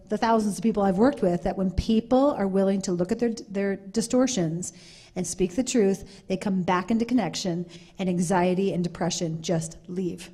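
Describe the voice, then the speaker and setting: A woman's voice: mid-range voice, darkish tone. A woman speaking on a conference panel, earnest and repetitive, acting out little quoted exchanges as she explains.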